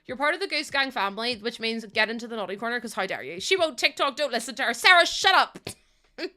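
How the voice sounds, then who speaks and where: Lively bright-voiced woman streamer. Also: fairly high pitch, fast. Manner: chatty, laughs often, thanks viewers one by one. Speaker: live streamer. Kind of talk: casual chat with viewers while gaming. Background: faint background music.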